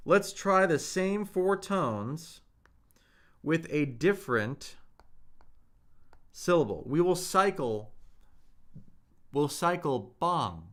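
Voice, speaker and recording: A man's voice: fairly high pitch, lively intonation, slow, long pauses, fairly bright tone. A man teaching a live language lesson, patiently repeating each point and modelling spoken tones for his viewers. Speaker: Mandarin teacher.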